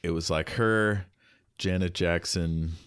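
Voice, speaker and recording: A man hosting a podcast, chatting in a relaxed, easygoing way and drifting into asides. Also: sits low, slow, smooth, dry recording, studio quality. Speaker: podcast host. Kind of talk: casual podcast chat.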